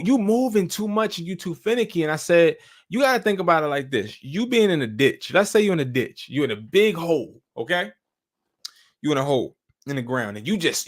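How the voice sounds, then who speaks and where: Man, live stream host, casual storytelling, slang, swears, lively pitch. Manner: loose, storytelling with slang and profanity.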